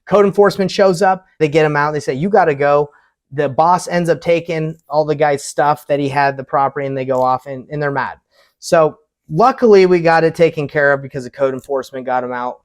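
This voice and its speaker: A man's voice: a little high, brisk. A man who invests in real estate, casually telling a story to camera and acting out the people in it.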